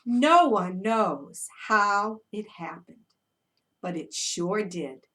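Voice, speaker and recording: A woman who is an early childhood educator, leading a children's story time with movement in an animated, encouraging way for toddlers. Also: medium pitch, very slow, far from the mic.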